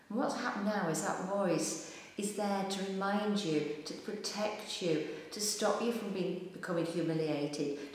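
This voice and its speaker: Female practitioner, soothing repetitive guidance; reverberant room. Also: fairly low pitch. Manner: calm, repetitive coaching phrases. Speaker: EFT practitioner. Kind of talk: guided tapping instruction. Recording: echoey room with long reverb.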